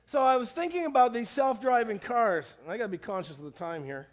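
A preacher with a fairly high male voice delivers a sermon. He tells homely stories with puns, and he repeats key phrases to drive them home. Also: expressive, fairly quick. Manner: folksy storytelling with jokes and repetition for emphasis. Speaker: pastor.

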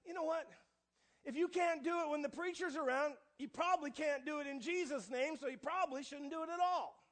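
Male pastor, very high voice, sermon delivery that surges loud then drops to a hush. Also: brisk. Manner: swings between hushed asides and loud emphatic proclamations. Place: church.

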